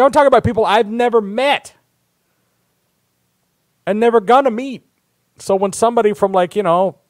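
A man's voice: a little high, dry recording, clean studio sound. A man hosting a live talk show, ranting in a blunt, profane, rambling way. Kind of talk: casual live-stream rant.

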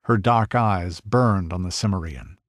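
Male audiobook narrator, deliberate and grave, unhurried, dry close sound. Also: deep voice, expressive, no room sound.

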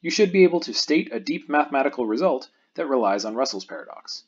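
A man lecturing on a university math course in a recorded online lecture, explaining step by step and pausing to let the viewer think. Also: mid-range voice, expressive, slightly rough, dull audio.

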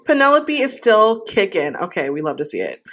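A woman's voice: mid-range voice, huge pitch swings, moderate pace, a bit bright. A woman giving casual gameplay commentary, talking to her game characters in an exasperated, playful way. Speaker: gaming host.

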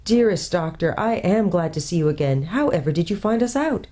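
A woman's voice: lowish voice, expressive, a little fast, warm tone. A woman voicing an earnest young prince who speaks forthrightly and with command, in a storybook reading.

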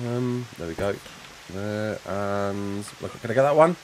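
A young man chatting casually with viewers while playing a game live, quick to laugh and often restarting his sentences. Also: on the low side, expressive, a little hiss or hum. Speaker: live streamer.

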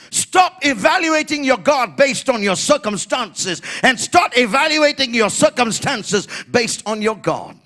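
A man preaching an emphatic sermon in church, building to shouted refrains and calling on the congregation to repeat after him. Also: very high-pitched. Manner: emphatic preaching, rising to shouts, call-and-response. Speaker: pastor.

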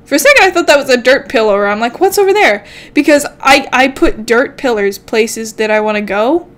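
A woman's voice: on the high side, expressive, brisk, fairly bright tone. A young woman chatting playfully to herself while commenting on her game as a channel host. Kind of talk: casual gameplay commentary.

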